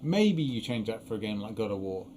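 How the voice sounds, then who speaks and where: A man's voice: fairly low pitch, very animated, brisk, warm tone, a little hiss or hum. Man explaining his views at length. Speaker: co-host. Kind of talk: casual livestream chat.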